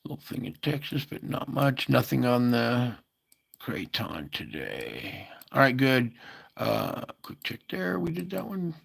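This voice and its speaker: A man's voice: mid-range voice, huge pitch swings, unhurried, vocal fry, slightly rough. A man hosting a casual earthquake update, thinking aloud over maps with many fillers and asides. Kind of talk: casual screen-share commentary.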